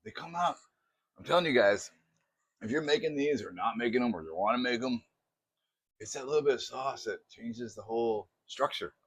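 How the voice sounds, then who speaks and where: A man chatting through a casual cooking demo in his home kitchen, excitable and poking fun at himself. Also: mid-range voice, moderate pace, breathy edge. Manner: chatty, excitable, self-mocking. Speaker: cooking vlogger.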